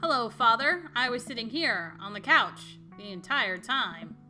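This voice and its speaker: A woman's voice: fairly high pitch, measured pace, pushed and bright. A woman voicing a sarcastic, teasing teenage daughter with a dry delivery, over faint music. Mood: mock-innocent.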